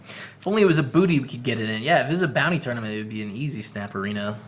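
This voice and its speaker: An upbeat Canadian man talks through his poker hands on a live stream. His voice sits at an ordinary, middle pitch, and he keeps the talk loose and friendly as he greets viewers one after another. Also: rapid-fire, a little hiss or hum. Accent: Canadian English. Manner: chatty and upbeat, greets chat viewers by name.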